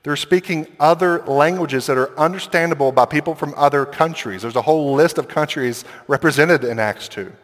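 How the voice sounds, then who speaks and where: Male pastor, sermon, chatty and animated delivery, slightly raised pitch, reverberant hall sound. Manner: conversational, animated, quick asides and acted quotes.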